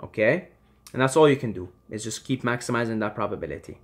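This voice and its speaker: A man giving impassioned advice to camera, emphatic and swearing freely, swinging between loud urging and quiet reassurance. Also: medium pitch, expressive, fast. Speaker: vlogger.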